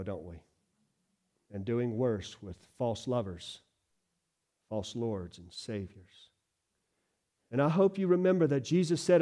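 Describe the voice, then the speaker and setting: A male pastor, delivering a sermon and swinging from loud emphatic lines to hushed ones. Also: on the high side.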